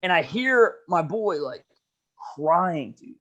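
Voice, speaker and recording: Young guy, high voice, podcast co-host; lively, profane, "dude"-heavy storyteller. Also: slow. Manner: animated, slangy, swears, says "dude" constantly. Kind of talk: casual storytelling chat.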